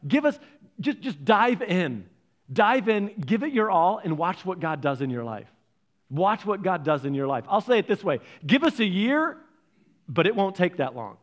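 A man pastor preaching a sermon, telling a story with lively, playful asides to the congregation. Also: high voice, normal speed.

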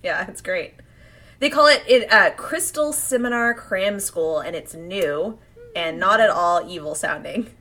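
A woman co-hosting a casual podcast chat, animated and laughing often as she acts out quotes. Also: lowish voice, a little slow. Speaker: podcast co-host. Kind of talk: casual chat comparing anime versions.

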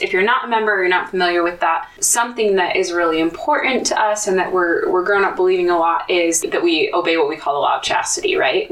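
Woman host, affirming and conversational, somewhat low voice, slightly off-mic. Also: a bit bright, recorded from a distance, low-quality recording. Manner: supportive and affirming, reflecting back on the guest's story. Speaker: podcast host. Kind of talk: conversational interview.

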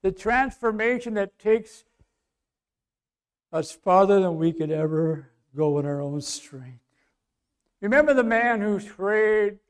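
High-voiced man preaching slowly. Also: animated, clean tone. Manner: conversational preaching that swings from quiet to loud; asks the congregation questions. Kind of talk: sermon.

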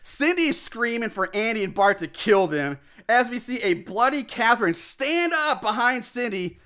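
A man casually recapping a film plot as a podcast host, animated, acting out shouted lines and laughing often. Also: very high voice, moderate pace, smooth. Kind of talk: casual chat.

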